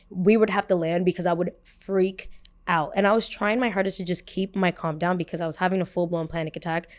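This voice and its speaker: A young woman hosting a podcast, telling a personal story in a casual, animated way, swearing freely and filling her talk with "like.". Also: on the low side. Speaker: podcast host.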